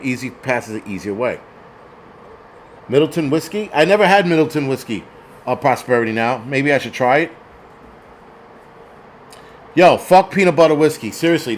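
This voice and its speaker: A man's voice: medium pitch, lively intonation, moderate pace, long pauses, slight background noise. A man hosting a casual livestream, reading chat comments aloud and ranting bluntly with plenty of profanity.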